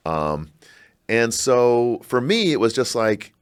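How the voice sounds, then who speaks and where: A middle-aged man from Chicago, a scholar talking in a podcast interview, reflective and halting with animated bursts. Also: medium pitch, clean tone. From Chicago, United States. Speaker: guest, scholar and university provost.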